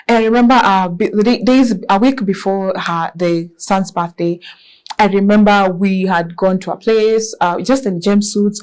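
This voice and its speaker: Expressive Kenyan woman telling her story. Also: medium pitch. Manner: lively and expressive, mixes in Swahili words. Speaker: guest entrepreneur. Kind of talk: casual storytelling interview.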